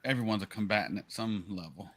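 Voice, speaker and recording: Bright-voiced man teasing fellow players. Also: fairly low pitch, fast, a little hiss or hum. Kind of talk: casual chat at a game table.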